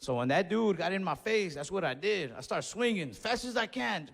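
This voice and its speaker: A man with a fairly high voice performs stand-up, spinning a story with lively acted-out quotes. His voice rings out with a long reverb from the stage. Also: brisk, gravelly. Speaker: stand-up comedian.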